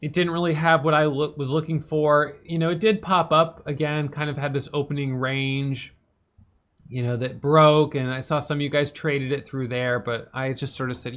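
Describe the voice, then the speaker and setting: A tired man casually recapping his day's stock trades, talking fast with lots of fillers and restarts. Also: fairly bright tone. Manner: fast, filler-heavy talk with restarts, "boom" for quick actions. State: tired, yawning.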